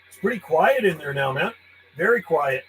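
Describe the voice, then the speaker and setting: A man's voice: a little high, animated, moderate pace, fairly bright tone, slight background noise, rough recording. Friendly ham radio man calling on air. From Canada. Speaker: radio operator. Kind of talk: live-streamed ham radio chat. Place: home radio room.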